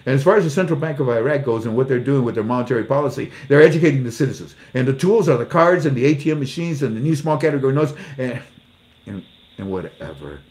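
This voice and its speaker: A man's voice: mid-range voice, lively intonation, fast talker, a little mellow. A man reading news articles aloud and mocking them with sarcastic jokes and acted-out exchanges. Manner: sarcastic, jokey, acts out little dialogues; laughs at his own jokes. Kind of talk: casual commentary.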